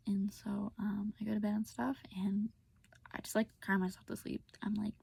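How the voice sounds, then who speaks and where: Breathy young woman, half-whispering. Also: medium pitch, flat delivery, a little slow, long pauses, dark tone, dry recording. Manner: rambling, heavy filler words, often half-whispered. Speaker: vlogger. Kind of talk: casual storytime. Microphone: phone.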